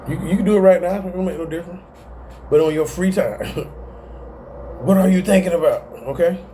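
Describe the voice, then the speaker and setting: A man with a high, dark-toned voice talks fast while hosting a casual self-help video, giving a motivational talk to camera. He's animated and slangy, often laughing at himself, and there's a little hiss or hum.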